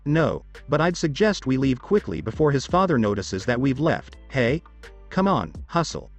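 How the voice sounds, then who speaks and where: A man's voice: medium pitch, big pitch swings, normal speed, faint music behind. A man voicing a sly, sing-song male kidnapper who leads a team. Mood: breezy.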